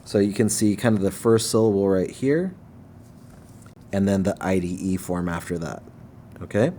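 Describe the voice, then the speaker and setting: A man teaching a recorded chemistry lesson in a relaxed way, checking in with "okay?" often and slowing down to stress syllables. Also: sits low, a little hiss or hum.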